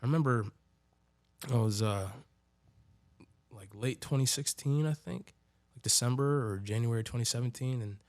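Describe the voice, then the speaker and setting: A man's voice: mid-range voice, normal speed, dry recording. A man telling his own story as a podcast guest in a loose, profane way, full of filler words. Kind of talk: casual storytelling.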